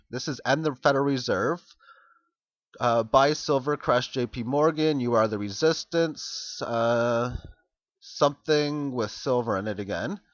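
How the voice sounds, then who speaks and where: A man giving a casual, halting walkthrough on a video blog, rambling and stumbling over foreign words. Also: medium pitch, a bit bright, no room sound. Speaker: video blogger. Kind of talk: casual screen walkthrough commentary. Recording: dry, dull lo-fi recording.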